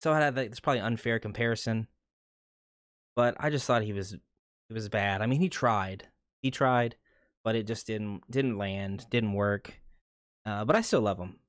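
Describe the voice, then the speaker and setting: A man's voice: fairly low pitch, normal speed, pauses often, smooth, no room sound, studio quality. A man giving a casual movie review in a rambling way, sometimes losing his train of thought.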